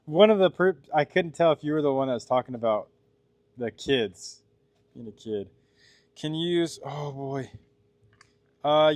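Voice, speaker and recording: A man's voice: mid-range voice, no echo. A man from Washington State, a blacksmith livestreaming from his workshop, chatting casually, laughing often, reading his chat aloud and answering it while he works. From Washington State, USA.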